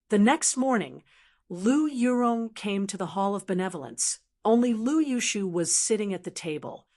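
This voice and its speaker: A woman narrating an audiobook with a steady, even reading. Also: medium pitch. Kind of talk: scripted narration.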